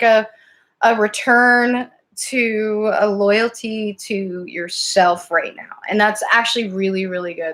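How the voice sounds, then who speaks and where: A woman's voice: mid-range voice, a bit bright. A woman giving casual live-stream psychic readings, chatty and giggly, often wandering off topic. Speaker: psychic card reader.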